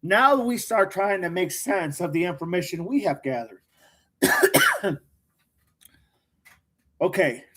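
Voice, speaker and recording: High-voiced man reading live chat. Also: wildly swooping pitch, sharp tone, husky. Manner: reads viewer comments aloud by name, joking and quick responses. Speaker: livestream host reading chat.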